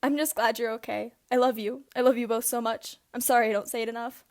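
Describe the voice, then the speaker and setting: A woman's voice: a little high, steady tone, quick pace, darkish tone, natural voice. A woman voicing a shaken, emotional teenage boy whose voice catches and goes weak, in a read-aloud fan story. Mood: tender.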